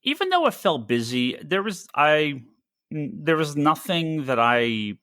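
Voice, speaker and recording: Podcast host, male, rambling casual talker, bright tone, lively swings in pitch. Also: measured pace, no echo, studio quality. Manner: rambling, many restarts and fillers, swears freely. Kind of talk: casual chat.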